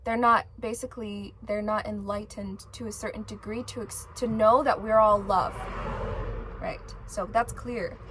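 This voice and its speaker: A woman's voice: mid-range voice, fairly even intonation, a little slow, fairly bright tone, a little hiss or hum. A woman talking casually to camera as a spiritual vlogger, emphatic and rambling, swearing freely and restarting her sentences often. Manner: many fillers and restarts.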